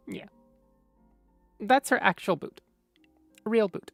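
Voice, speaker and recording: A woman's voice: mid-range voice, moderate pace, creaky, no echo, soft background music. A woman streamer chatting casually with her viewers, playful and teasing. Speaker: streamer reading chat. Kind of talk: casual livestream chat.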